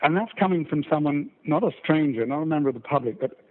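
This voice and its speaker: An older man with a baritone voice and a mixed British-American accent, an audiobook narrator chatting in an interview, self-deprecating, with stammering restarts. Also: expressive, fast talker, phone-quality sound. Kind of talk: casual interview chat.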